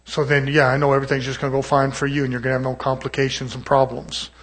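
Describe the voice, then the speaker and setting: Husky-voiced preacher man, folksy. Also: mid-range voice, completely flat delivery, quick pace, fairly bright tone. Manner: folksy preaching, mimics doubters in asides. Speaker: pastor. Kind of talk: sermon.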